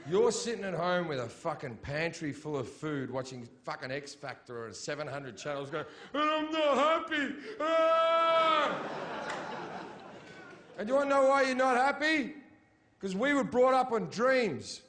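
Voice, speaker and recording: A man performing a stand-up set in a theatre, swearing constantly and swinging between shouted rants and low, mumbled asides. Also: very animated, normal speed. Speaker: stand-up comedian. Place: sold-out theatre.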